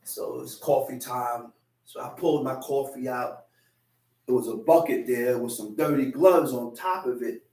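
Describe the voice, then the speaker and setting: A man's voice: mid-range voice, unhurried, darkish tone. A man preaching a sermon, telling a personal story and acting out the voices in it. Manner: storytelling, acts out voices in quotes. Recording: echoey room, mic at a distance.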